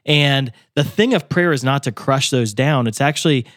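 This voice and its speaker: A man who co-hosts a faith podcast and writes books speaks at a normal speed with a medium pitch and a slightly bright tone. In this casual faith conversation he earnestly shares personal stories about prayer, acting out prayers in quotes. The sound is studio quality with no echo.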